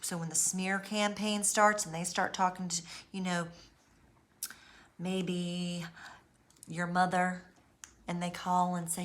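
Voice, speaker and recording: A woman talking casually to camera about recovery from abuse, in an animated storytelling way. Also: fairly low pitch, slow pace, pauses often.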